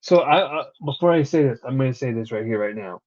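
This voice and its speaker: Animated and fast, with a darkish tone at medium pitch, this young man co-hosts a casual wrestling recap. He swears freely and rambles through his stories over a dull lo-fi recording.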